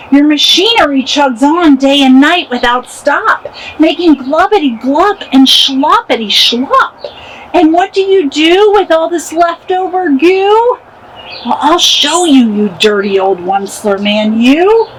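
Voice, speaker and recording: A woman's voice: sits high, a little hiss or hum, low-quality recording. A woman voicing a small, grumpy male forest creature who scolds indignantly, in a storybook read-aloud.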